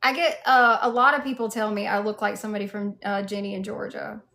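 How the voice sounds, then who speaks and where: A woman's voice: medium pitch, steady tone, fast talker, creaky, pushed and bright. A woman with a Southern US accent chatting casually on a livestream, reading out viewers' comments and greeting them in a playful, sassy way. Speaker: livestreamer in cosplay.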